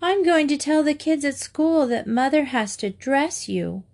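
A woman's voice: high-pitched, expressive, measured pace, darkish tone, pitched above the performer's own voice. A woman voicing a young schoolgirl sister who tattles shrilly. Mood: tattling.

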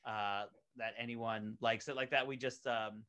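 A man who voices characters on an animated series, chatting eagerly and at length in a casual interview, full of fillers and restarts. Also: medium pitch, unhurried. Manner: rambling, many fillers and restarts; eager, enthusiastic. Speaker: voice actor on an animated web series, interview guest.

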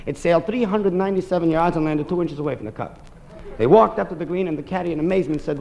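A man, a stand-up comedian, telling a comic monologue in rapid-fire style. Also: fairly high pitch, vocal fry, darkish tone, poor audio. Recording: hissy 1950s radio recording.

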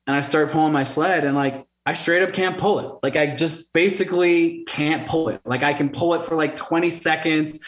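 Man, 30s, interview guest, animated storyteller, highish voice, echoey room. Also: normal speed, hardly any pauses. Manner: animated, acts out quoted voices. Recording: roomy echo.

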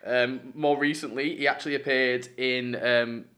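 A man's voice: medium pitch, fairly even intonation, normal speed, pushed and bright. A man, co-hosting a podcast, enthusiastically running through facts with plenty of fillers. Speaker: podcast co-host. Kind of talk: casual chat.

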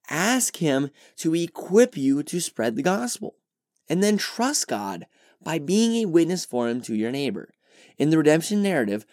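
A man's voice: on the high side, no echo, clean studio sound. A man hosting a Bible teaching podcast, talking earnestly and with emphasis as he works through a passage. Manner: earnest and emphatic, voices quoted reactions with animation. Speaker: podcast host teaching scripture.

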